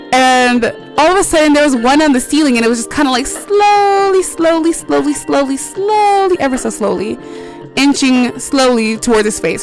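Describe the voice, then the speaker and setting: A woman streamer chatting casually while playing a game, rambling through stories with lots of filler words, swearing freely and laughing often. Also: a little high.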